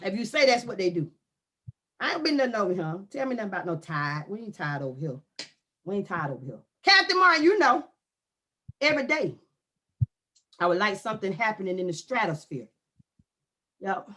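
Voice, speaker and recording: A woman, ranting loudly and comically in casual talk, often shouting. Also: mid-range voice, a little fast, pauses often. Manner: loud animated ranting with frequent shouting. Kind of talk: casual comic rant to camera.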